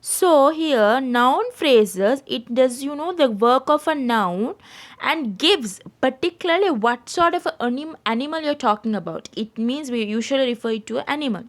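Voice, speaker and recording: A woman from Sri Lanka teaching grammar over a screen-share lesson. Her voice sits a little high and she talks patiently and clearly. She pauses often to check that the children are following. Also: lively intonation. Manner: explains patiently, keeps checking with "right?". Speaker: English teacher. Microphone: screen-share voice recording.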